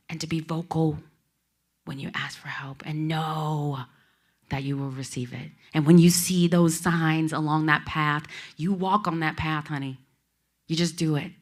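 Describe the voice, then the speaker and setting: A woman giving an inspirational talk to an audience, telling a personal story in an emotional, heartfelt way and speaking to the listeners directly. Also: deep voice. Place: expo talk before an audience.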